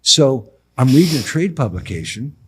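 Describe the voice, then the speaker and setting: A middle-aged contractor, guest on a podcast, shares stories in a husky mid-range voice at normal speed. The interview is casual; he's animated, acting out the back-and-forth of conversations and sprinkling in "bro" and "dude."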